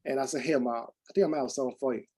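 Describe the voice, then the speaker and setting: A man's voice: medium pitch, rapid-fire, husky, rough recording. A man in his forties telling a personal story to a group, acting out the dialogue with many restarts. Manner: animated, acts out quoted dialogue with many restarts. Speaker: speaker giving a testimonial.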